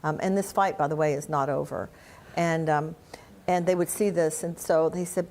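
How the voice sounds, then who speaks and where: Animated older woman telling stories. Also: low voice, normal speed, a little hiss or hum. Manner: animated storyteller, laughs often, many restarts. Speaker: interview guest. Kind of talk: conversational storytelling.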